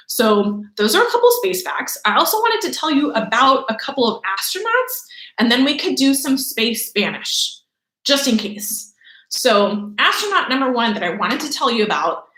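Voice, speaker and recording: Lively, bright-voiced woman teacher. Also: on the high side, echoey room, poor audio. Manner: animated, chatty, playful. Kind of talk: remote lesson for kids. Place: room at home.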